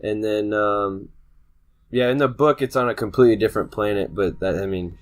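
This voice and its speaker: Lower-voiced casual podcast guy. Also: a little fast, a little hiss or hum. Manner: casual, hesitant, full of restarts and "like". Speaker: podcast co-host. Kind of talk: casual movie review chat.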